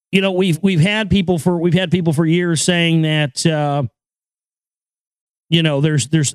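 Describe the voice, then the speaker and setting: High-voiced man, crude and emphatic. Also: no echo. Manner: emphatic, profane, repeats words. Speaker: podcast host and filmmaker. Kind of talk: casual monologue.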